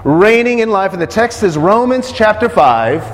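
A man's voice: sits high, lively intonation, normal speed, big-room sound. A man preaching a sermon, asking the congregation questions and repeating key phrases.

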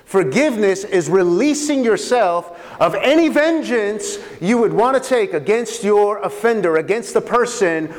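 A man with a high, lifted voice preaching a sermon in a church hall with a long reverb tail. He asks the congregation questions and repeats key phrases to drive them home. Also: animated, unhurried, hardly any pauses. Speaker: pastor.

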